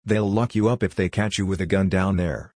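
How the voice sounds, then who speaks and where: A man's voice: low voice, fairly even intonation, a little fast, darkish tone, dry recording, studio quality. A man voicing a thin, short male justice with a European accent, talkative and matter-of-fact. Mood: friendly.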